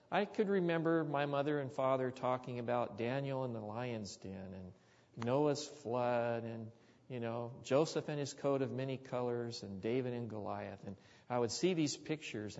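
An earnest man preaches, weaving a childhood story into his sermon with thoughtful pauses and restarts. His voice carries a long reverb from a large hall, and the recording is slightly dull and lo-fi. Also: mid-range voice, a little mellow.

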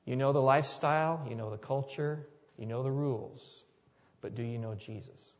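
Earnest preaching man in a reverberant hall. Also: fairly high pitch. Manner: earnest preaching, rising to emphatic repetition. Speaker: pastor. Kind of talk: sermon. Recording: long hall reverb, dull lo-fi sound.

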